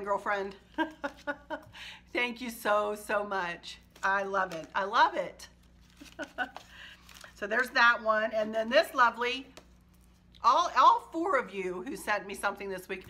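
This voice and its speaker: Brief: woman decor vlogger, bright tone, gushing and sentimental, quick laughs. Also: medium pitch. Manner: warm, gushing and emotional, laughs often. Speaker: home decor channel host. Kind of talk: casual chat to viewers.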